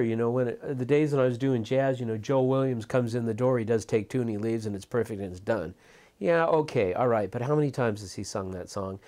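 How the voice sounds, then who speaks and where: A man's voice: medium pitch, mellow. A middle-aged man talking reflectively in an interview as a music mixer, thinking aloud with frequent restarts and repeated words.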